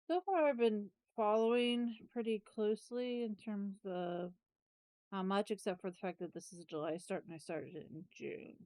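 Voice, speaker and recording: A tired woman talks through her planner at an unhurried pace, rambling and often breaking off mid-phrase to correct herself. Her voice is soft and mellow, recorded dry and close. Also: mid-range voice, no room sound. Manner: rambling, trailing off, with self-corrections and asides. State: tired, yawning. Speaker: planner vlogger. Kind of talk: casual chatty planner walkthrough.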